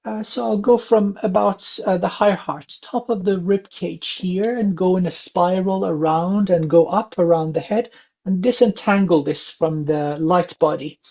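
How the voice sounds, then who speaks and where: A man gives a calm, unhurried spiritual reading in a gravelly, somewhat husky voice, his speech full of soft filler sounds. The recording is dull and lo-fi. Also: high-pitched. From England. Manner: calm, gentle, many filler uhs. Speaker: spiritual reader. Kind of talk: psychic reading session.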